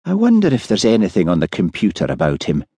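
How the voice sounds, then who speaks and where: A man's voice: sits low, huge pitch swings, fast talker, dark tone, slightly rough, dry recording, heavily acted. A wry, shrewd village policeman.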